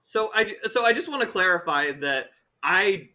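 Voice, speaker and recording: Very bright-voiced young man player. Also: high voice, lively intonation, moderate pace. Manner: stumbling restarts, many fillers. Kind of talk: tabletop role-play chat.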